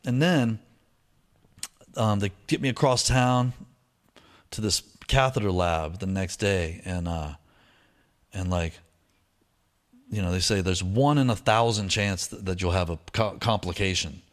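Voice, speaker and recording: A man's voice: deep voice, measured pace, pauses often. Laid-back man telling a personal story. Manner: casual, laid-back, slangy storytelling with lively put-on voices for quoted people. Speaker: speaker sharing a recovery story.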